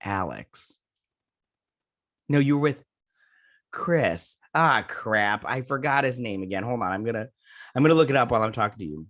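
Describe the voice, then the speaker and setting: A man's voice: mid-range voice, a little fast, a bit bright. A man hosting a casual TV episode review, rambling and chatty with lots of fillers and restarts, talking through a sore throat. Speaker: YouTube TV review host.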